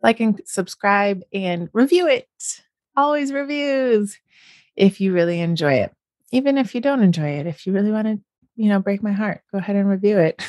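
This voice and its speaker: A woman's voice: mid-range voice, normal speed, darkish tone, dry recording, studio quality. A woman from the United States hosting a podcast, chatting casually and laughing often. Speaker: podcast host.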